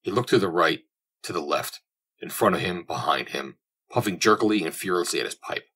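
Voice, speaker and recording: A man reads a classic adventure novel aloud as an audiobook, measured and descriptive. His voice is very deep and has a husky grain. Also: lively intonation, pushed and bright. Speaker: audiobook narrator. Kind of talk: audiobook narration.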